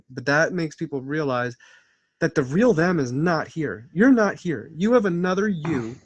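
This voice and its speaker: A man's voice: on the high side, no room sound. A man in casual conversation who explains his spiritual views in an earnest, preachy way. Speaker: channel host.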